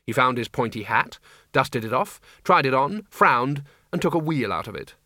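Lively man narrating an audiobook. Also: medium pitch, moderate pace, no room sound, clean studio sound.

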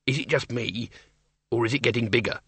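A man's voice: mid-range voice, a little fast, a bit bright, slightly rough, no room sound. A man voicing a pedantic, touchy male wizard who corrects others.

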